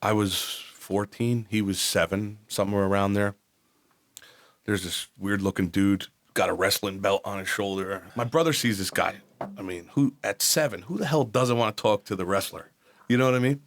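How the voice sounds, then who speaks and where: Podcast guest: a man in his forties from New Jersey, low-pitched, blunt and profane. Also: normal speed. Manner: blunt, profane, acts out quoted voices. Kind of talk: candid personal storytelling.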